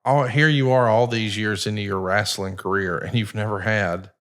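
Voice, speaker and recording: A man's voice: on the low side, fairly even intonation, normal speed, a bit bright. A man co-hosting a podcast, narrating footage and asking questions in casual chat. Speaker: podcast co-host.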